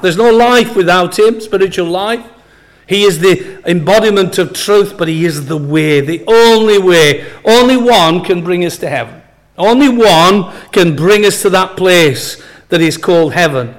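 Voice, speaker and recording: Emphatic preacher, high voice. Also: male voice. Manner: emphatic, repeats key phrases slowly. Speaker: pastor. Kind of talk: sermon.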